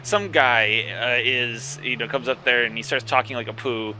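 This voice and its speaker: A man's voice: medium pitch, moderate pace, pushed and bright, slight background noise. A man chatting casually during an online game, rambling and hesitant as he hunts for his words. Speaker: gamer chatting while playing. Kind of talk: casual chat over game voice chat. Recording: voice chat with game music behind.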